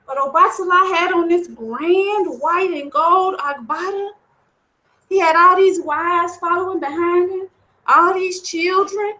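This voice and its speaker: A woman telling a traditional story aloud in an animated, conversational way with many asides. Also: extremely high pitch, unhurried, poor audio. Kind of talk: oral storytelling of Yoruba myths.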